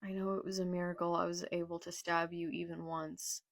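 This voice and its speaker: A woman reading out a betrayed male pirate captain's accusations in a quiet, subdued tone. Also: lowish voice, little pitch movement, brisk, vocal fry, dry recording. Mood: bitter. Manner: accusing, subdued read-aloud.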